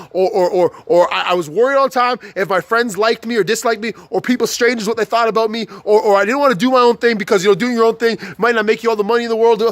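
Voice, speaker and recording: Recorded without echo, a young man with a very high-pitched, somewhat bright voice vlogs an unscripted motivational rant to camera. He swears freely, circles back over the same points, fumbles and restarts, and gets more and more heated.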